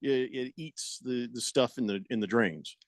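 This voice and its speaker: A middle-aged man tells a long, wandering story on a radio show, stumbling over restarts and fillers as he goes. His voice sits at an ordinary pitch. The studio sound is dry and close. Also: measured pace, no echo. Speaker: radio co-host. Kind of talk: casual radio banter.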